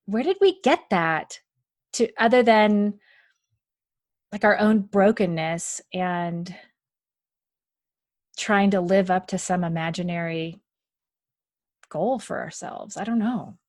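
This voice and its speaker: A woman's voice: mid-range voice, lively intonation, slow, long pauses, no room sound, studio quality. A woman hosting a podcast, asking questions and sharing thoughts in a reflective, searching way. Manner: reflective, searching, many fillers like "like". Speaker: podcast host. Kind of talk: casual interview chat.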